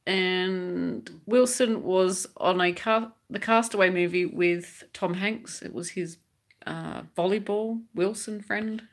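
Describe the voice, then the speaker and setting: A woman's voice: lowish voice, fairly even intonation, slow. Easygoing woman answering viewer comments. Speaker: livestream co-host reading viewer comments. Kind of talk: casual livestream chat.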